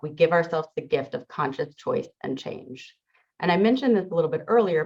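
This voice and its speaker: Low-voiced woman giving a motivational talk. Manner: earnest, reflective, speaks to an audience. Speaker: teacher and coach. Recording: dull lo-fi sound.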